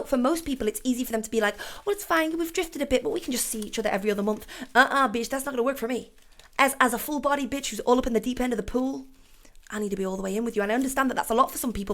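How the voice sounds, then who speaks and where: Woman hosting a solo podcast, chatty, sassy, slightly high voice. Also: fairly bright tone. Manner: sassy, rambling, emphatic. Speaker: podcast host. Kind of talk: casual solo podcast chat.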